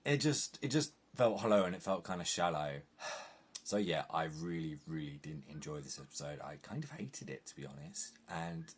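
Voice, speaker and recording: An English man talks straight to camera in a low voice with a husky edge. He sounds exasperated and animated as he picks apart an episode. His sentences are packed with casual "like" fillers. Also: normal speed. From England. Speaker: TV reviewer. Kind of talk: opinionated review monologue.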